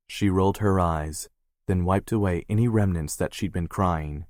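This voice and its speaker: A man narrating an audiobook in a steady, measured read. His voice is very low and deep, and the recording is close and dry with no room echo.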